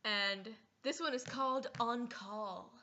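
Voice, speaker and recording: Bright-voiced teenage girl vlogging playfully. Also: on the high side, slow pace, lo-fi sound, slight background noise. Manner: playful, acts out scenes, giggly. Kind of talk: casual comedic vlog.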